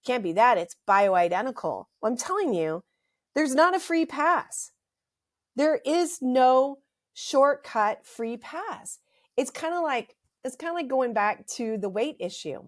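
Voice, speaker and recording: A woman's voice: high voice, expressive, slow pace. A middle-aged woman hosting a health podcast, ranting emphatically and repeating phrases, her throat a little dry. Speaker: podcast host, health practitioner. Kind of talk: impassioned health podcast monologue.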